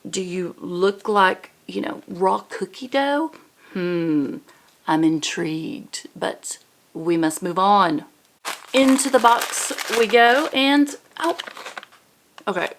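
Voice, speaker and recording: A slow-talking woman with a Southern US accent, chatting through an unboxing and reading nutrition labels out one item at a time. Her pitch sits in an ordinary middle range, and her manner is relaxed and conversational. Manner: chatty, reads labels aloud slowly. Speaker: unboxing vlogger. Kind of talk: casual product review.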